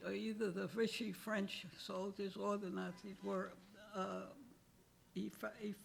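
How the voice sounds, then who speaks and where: An older woman poet giving a poetry reading, deliberate and measured, with chuckles between poems. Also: medium pitch, gravelly, a bit bright.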